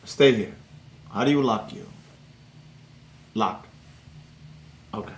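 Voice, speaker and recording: A man teaching a live trading class, blunt and excitable, rambling off on tangents while reading viewers' comments and scolding them. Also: fairly low pitch, slow, reverberant.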